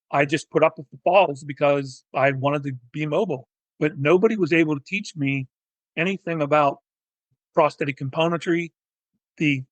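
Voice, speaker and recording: A man, a physical therapist and educator, telling his story in a technical, animated way as an interview guest. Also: fairly high pitch, no echo, poor audio. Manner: technical, animated, acts out quoted dialogue. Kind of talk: conversational storytelling.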